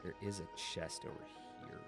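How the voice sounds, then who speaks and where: A man chatting casually while streaming a video game, rambling and hesitant as he talks to his chat. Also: moderate pace. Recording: loud game music behind. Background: game music.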